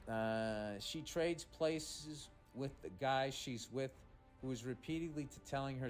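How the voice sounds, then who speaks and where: A man's voice: medium pitch, unhurried, faint music behind. A man hosting a comedy podcast, reading a listener's letter aloud and breaking in with sarcastic, profane asides.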